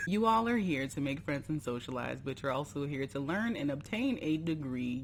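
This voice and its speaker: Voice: mid-range voice, a bit bright, a little hiss or hum. A YouTuber casually reading their own old story aloud and mocking it, laughing often and breaking off mid-line. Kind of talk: casual commentary on a story game.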